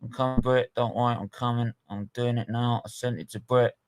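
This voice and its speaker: A man's voice: medium pitch, fairly quick. A man with a London accent hosting a live football watchalong, chatting casually, swearing and laughing as he tells stories. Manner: laughing, swearing, animated storytelling. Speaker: stream host.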